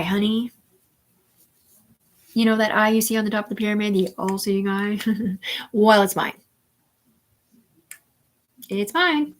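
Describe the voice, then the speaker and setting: A woman hosting a live stream, talking in a rambling, profane monologue that jumps from topic to topic. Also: medium pitch. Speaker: livestream host.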